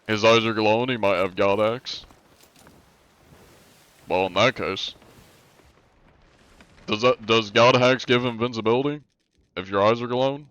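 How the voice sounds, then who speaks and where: Man, game streamer, joking casual chatter, fairly low voice. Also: measured pace, long pauses, fairly bright tone, clean tone, no room sound, dull audio. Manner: joking, playful, talks while playing. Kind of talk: casual live-stream chat with role-play.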